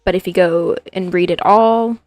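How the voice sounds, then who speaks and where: A woman's voice: on the low side, steady tone, normal speed, a little mellow, no echo, soft background music. A woman streaming as a digital artist, chatting casually and playfully with her viewers in a rambling way. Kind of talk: casual livestream chat with viewers.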